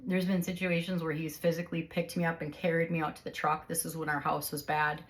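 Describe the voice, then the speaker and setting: A woman's voice: deep voice, fairly bright tone. A woman in her forties hosting a conversation with her husband, explaining things casually with vivid everyday examples. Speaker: host interviewing her husband.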